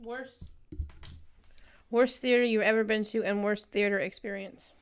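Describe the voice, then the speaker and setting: Woman reading questions, smooth clear voice. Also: mid-range voice, fairly even intonation, measured pace. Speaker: reader of viewer questions.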